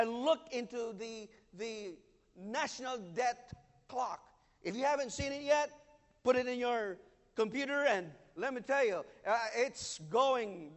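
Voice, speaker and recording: A man delivers an earnest, emphatic sermon in a high-pitched voice. His words ring out with a long hall reverb, as from a church sanctuary. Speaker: pastor.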